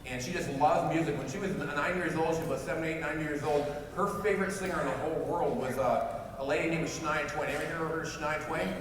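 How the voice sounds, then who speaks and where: A man in his forties giving a lively storytelling speech to a crowd at a company event, acting out both sides of a phone call, often restarting his sentences. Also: fairly high pitch, fast talker, background noise. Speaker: motivational speaker at a company event. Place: large event hall. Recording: echoey hall from far off.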